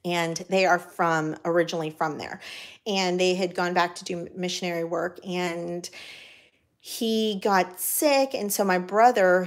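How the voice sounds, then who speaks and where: An American woman with a slightly low voice chats loosely as she works on a craft project. She rambles, restarts her sentences and fills pauses with ums. Her voice sounds a little worn from all the talking. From United States. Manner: rambling, chatty, many fillers and restarts. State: voice cracking from talking. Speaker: craft vlogger. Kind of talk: casual chat while crafting.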